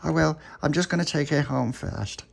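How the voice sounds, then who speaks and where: A man doing a squeaky excited little boy. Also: normal speed, gravelly, breathy edge, heavily acted. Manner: high squeaky childlike voice. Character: excitable little boy who owns the boat.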